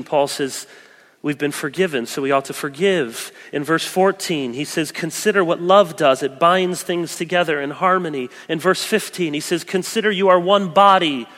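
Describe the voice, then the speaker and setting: A man preaching a sermon, earnest, moving between loud emphasis and soft, close asides. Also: a little high, normal speed, big-room sound. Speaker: pastor.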